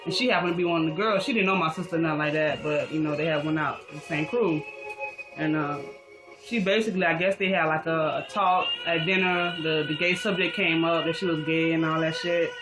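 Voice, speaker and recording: A young woman vlogger tells a personal story casually, rambling with slang, profanity and lots of fillers. Her voice is low, fairly even in intonation and brisk. Music plays behind her on a low-quality recording.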